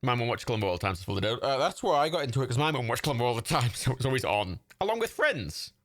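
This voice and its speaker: Racing along in a sing-song, medium-pitched voice with a slight brightness, this livestream host rambles casually through watch-party commentary. Curses come easily to him, and so does laughter.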